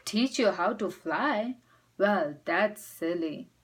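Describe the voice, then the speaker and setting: A woman's voice: medium pitch, lively intonation, slow pace. A woman voicing a male raccoon who laughs off a request, in a teasing amused tone.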